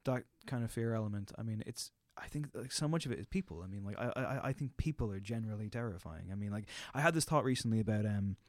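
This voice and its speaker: A man's voice: on the low side, quick pace, hardly any pauses, a little mellow, dry recording, clean studio sound. A man in casual conversation, rambling through his thoughts with lots of fillers and swearing. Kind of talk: casual chat.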